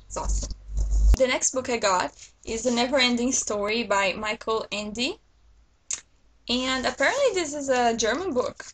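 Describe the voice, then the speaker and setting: A woman talks casually to camera about books she bought, calling her viewers "guys" in an eager, chatty way. Her voice sits a little high, and a faint noise runs under it. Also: normal speed, rough recording. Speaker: book vlogger. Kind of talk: casual book haul chat to camera.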